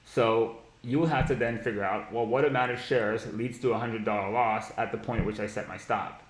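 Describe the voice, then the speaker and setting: A man with a lowish voice gives a live-stream trading lesson, blunt and heavy on profanity. He mocks ideas he thinks are silly and often laughs at them. The sound bounces around an echoey room. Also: steady tone, a little fast. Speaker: market analysis streamer.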